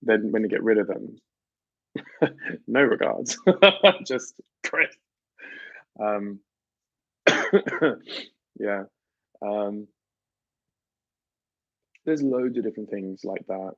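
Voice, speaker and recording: A man's voice: lowish voice, very slow, pauses often, no echo, muffled recording. A British man hosting a livestream, chatting casually and animatedly with viewers and laughing often. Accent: British English. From United Kingdom. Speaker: livestream host. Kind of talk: casual chat with live viewers.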